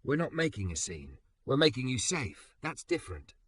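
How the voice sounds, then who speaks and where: A man voicing a quiet, protective dishwasher who speaks calmly, gently but firmly. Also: medium pitch, moderate pace, far from the mic, pitched above the performer's own voice. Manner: calm, even, gentle but firm.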